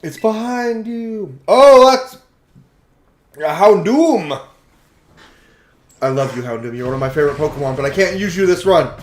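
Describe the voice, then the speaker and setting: A man giving jokey, excitable commentary while playing a video game, now and then swearing. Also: high voice, moderate pace, pauses often. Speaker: let's play host. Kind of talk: casual gameplay commentary. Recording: roomy echo, faint game music. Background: faint game music.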